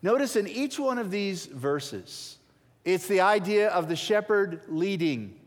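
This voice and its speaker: A male pastor preaches slowly and deliberately, his fairly high voice rising and falling widely. He stresses key words, then lets phrase endings sink to a near hush. The sound carries the long reverb of a large hall. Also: expressive. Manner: emphatic, with dramatic drops to near silence at phrase ends. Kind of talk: sermon.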